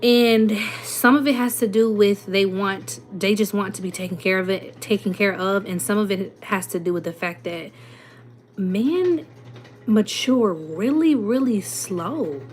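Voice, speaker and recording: A woman's voice: medium pitch, measured pace, soft background music. Sassy Southern woman in her twenties. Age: 20s. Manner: blunt, sassy, rhetorical questions. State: runny nose. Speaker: host reading and answering comments. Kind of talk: casual livestream chat.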